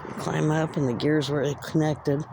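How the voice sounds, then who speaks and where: A woman from Central California vlogging on a handheld phone outdoors at a train station after dark, musing aloud as she describes what she sees. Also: sits low, little pitch movement, moderate pace, creaky, background noise. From Central California, United States. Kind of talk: casual walking vlog, narrating what she sees.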